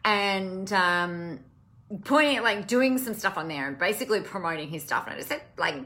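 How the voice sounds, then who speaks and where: A woman's voice: medium pitch, animated, normal speed, bright, forceful tone. A woman business coach talking casually to camera, impassioned and blunt, swearing freely. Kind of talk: casual live-stream talk to camera.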